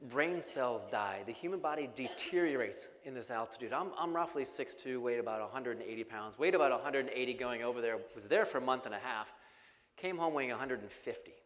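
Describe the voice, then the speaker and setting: A man's voice: medium pitch, a bit bright. A young man giving a keynote speech, telling a gripping, humorous story with jokes. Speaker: keynote speaker. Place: large banquet hall. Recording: hall reverb with faint music.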